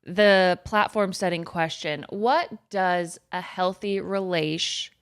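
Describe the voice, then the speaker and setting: A woman's voice: fairly low pitch, steady tone, takes it slowly, smooth. A woman co-hosting a podcast, introducing the topic and guest in an enthusiastic, gushing way. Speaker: podcast co-host. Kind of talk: casual podcast chat.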